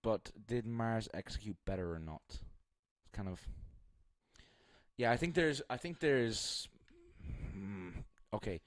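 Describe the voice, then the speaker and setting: A man's voice: on the low side, expressive, slow, no room sound. Young man rambling on a live stream. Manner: rambling, thinking aloud, self-deprecating. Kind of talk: casual live-stream commentary.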